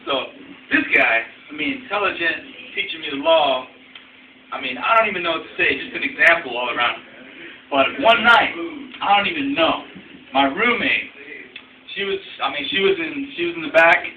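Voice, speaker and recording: A man's voice: fairly high pitch, animated, normal speed, narrow, tinny audio. A young man telling a story in a casual, rambling way, filling gaps with "you know" and "I mean" and swearing freely, recorded indoors on a phone camera. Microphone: phone camera from across the room. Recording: echoey, distant, noisy phone video.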